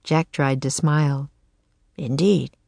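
A woman with a low voice narrates a children's chapter book in a calm, even manner. She is close to the mic in a dry studio recording. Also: a little slow, dry recording. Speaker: audiobook narrator. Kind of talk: scripted narration.

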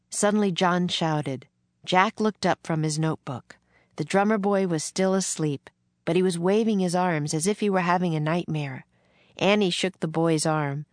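A woman reading a children's book aloud in a gentle, measured way. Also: fairly low pitch, no room sound. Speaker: narrator.

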